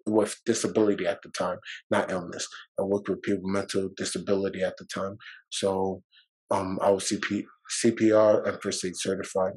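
On a low-quality recording, a man with a low, darkish voice and a breathy edge tells a personal story as a podcast guest. He rambles loosely, using fillers and swearing, and gets emotional, at times close to tears.

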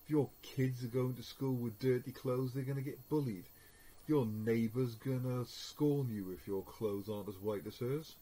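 Husky-voiced man teaching media studies. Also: mid-range voice, normal speed, mellow, low-quality recording. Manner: informal, hesitant, many fillers. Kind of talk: recorded lecture.

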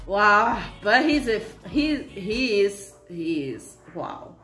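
A woman hosts a casual reaction commentary and gushes with frequent giggles. She talks at an unhurried pace in a highish, very lively voice. The sound is roomy, with faint music underneath. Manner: giggly, gushing fan commentary with frequent laughter. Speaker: reaction video host.

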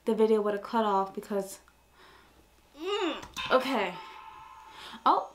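A young woman hosts a reaction video, speaking slowly in a fairly high, sing-song voice. Flustered and exclamatory, she often talks to herself in this casual commentary, with faint music playing behind her.

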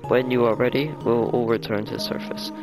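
A kind, motherly goat monster queen from a video game, as a man reads her lines aloud. She speaks slowly, with measured, formal diction at a middle pitch. Game music plays clearly behind. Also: level tone, close to an everyday voice, low-quality recording. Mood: caring. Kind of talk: voicing game dialogue aloud.

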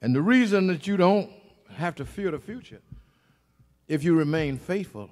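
A man preaching a funeral sermon in a church, calling out to the congregation and rising to shouts. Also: a little high, lively intonation, moderate pace. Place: large church sanctuary. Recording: echoey church hall.

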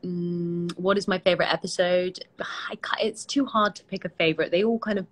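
A tired British woman, an actress, chatting casually with fans on a live stream, relaxed and self-deprecating, with many fillers, speaking into a phone held at arm's length. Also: lowish voice, a little fast, rough recording. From Britain. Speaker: actress hosting a fan Q&A.

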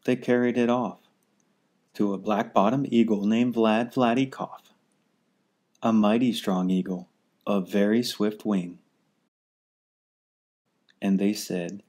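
A man reading a rhyming children's story aloud in an unhurried, steady way. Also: fairly low pitch. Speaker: storybook reader.

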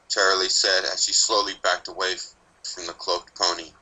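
Guy reading a fan story aloud, low voice, super bright tone, steady pace. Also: moderate pace, poor audio. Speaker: narrator. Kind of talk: scripted narration of fan fiction.

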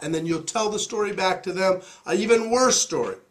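A man with a hoarse, worn voice leads a motivational talk as host. He speaks in a fairly high register and presses each point in a preachy, emphatic way. It sounds like a studio mic. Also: normal speed, few pauses. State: hoarse, recovering voice.

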